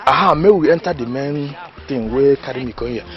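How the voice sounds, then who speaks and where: An actor with a Nigerian accent playing a boisterous village know-it-all who gives mock lessons and laughs mid-sentence. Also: male voice, medium pitch, brisk, muffled recording, close to an everyday voice. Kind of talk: Nollywood comedy film acting. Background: faint background music.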